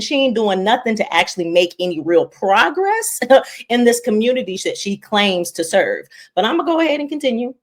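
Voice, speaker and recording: A woman's voice: medium pitch, big pitch swings, fairly quick. A woman talks straight to camera in casual political commentary. She is emphatic and exasperated, pressing her points with incredulous questions. Her voice sits in an ordinary middle range. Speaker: commentary host.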